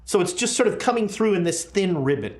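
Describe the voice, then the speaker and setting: A game master narrating a horror tabletop game, halting and full of fillers and restarts. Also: mid-range voice, expressive. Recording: roomy echo.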